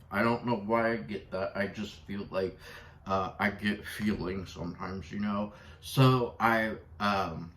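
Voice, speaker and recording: A man's voice: lowish voice, a little hiss or hum, poor audio. A man vlogging in a casual, rambling storytime chat, full of fillers. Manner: rambling, chatty, with many fillers.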